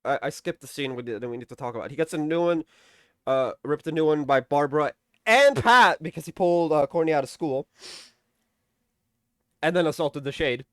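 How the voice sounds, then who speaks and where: In a fairly high, fairly bright voice at a fairly quick pace, a young man recaps a TV episode casually, rambling, swearing a lot and mock-quoting the characters sarcastically. The studio-quality recording has no echo.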